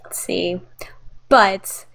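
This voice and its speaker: A woman's voice: fairly low pitch, very slow, creaky, fairly bright tone, voice pushed down, heavily acted. A woman voicing an irritable, scheming young male vampire in a terse, condescending manner during a tabletop game. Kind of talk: tabletop role-play.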